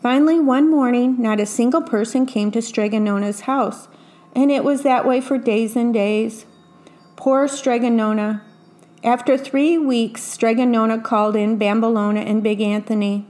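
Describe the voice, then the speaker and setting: A woman's voice: a little high, fairly even intonation, normal speed, darkish tone. Woman reading a picture book aloud. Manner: describes pictures in a casual aside. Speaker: storyteller.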